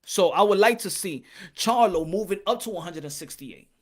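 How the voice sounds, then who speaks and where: A man's voice: high voice, lively intonation, normal speed. A man hosting a casual boxing live stream, bantering with his chat in a profane, laughing way. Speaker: boxing channel host.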